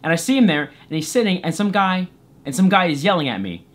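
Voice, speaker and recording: A man's voice: sits high, big pitch swings, quick pace. A young man telling a comedic story to camera, goofy and self-deprecating, jumping into silly voices for the people in it. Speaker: YouTuber storyteller. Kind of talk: comedic story time vlog.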